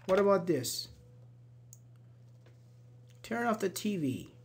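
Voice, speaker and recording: An online English teacher giving a live grammar lesson, slowly repeating example sentences and answering chat. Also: medium pitch, sing-song, a little mellow, slightly rough. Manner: slow, repeats examples, apologizes and laughs at own slips.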